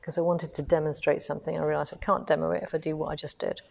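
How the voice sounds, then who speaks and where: A woman's voice: low-pitched, flat delivery, very fast, gravelly. A woman running a live quilting demonstration from an indoor studio, explaining each step in a chatty, practical way. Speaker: quilting instructor.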